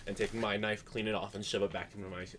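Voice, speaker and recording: A man with a lowish voice plays his character in a tabletop game. He describes each action hesitantly and often restarts. A faint noise sits underneath. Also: level tone, fast. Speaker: player.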